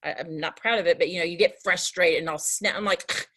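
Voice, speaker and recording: A woman's voice: lowish voice, quick pace, a bit bright. A woman teacher talking earnestly with her class on a video call, rambling and restarting her sentences.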